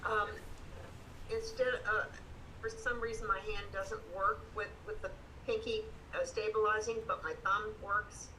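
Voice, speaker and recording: A woman's voice: medium pitch, fairly even intonation, measured pace, sharp tone, slight background noise, low-quality recording. A woman student in an online ukulele class asking a hesitant question with many fillers. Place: home, video call.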